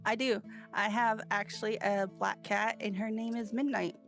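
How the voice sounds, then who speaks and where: A woman in casual chat, telling stories haltingly with many fillers. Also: mid-range voice, little pitch movement, creaky, fairly bright tone, soft background music.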